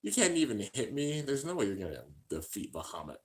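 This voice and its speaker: A man's voice: mid-range voice, big pitch swings, brisk. A man quoting a smug rival boy. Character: smug arrogant young male rival.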